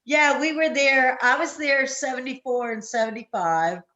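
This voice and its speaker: A woman's voice: sits high, dull audio. A woman fondly recalling her old theatre shows in casual chat on a video call. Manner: slow, warm, sentimental. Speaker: former cast member.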